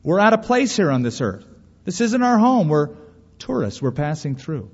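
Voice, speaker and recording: Pastor preaching in a reverberant hall. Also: male voice, fairly high pitch, very animated, moderate pace, breathy edge. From California. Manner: earnest preaching with rhetorical questions and story asides. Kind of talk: sermon. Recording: reverberant hall, dull lo-fi sound.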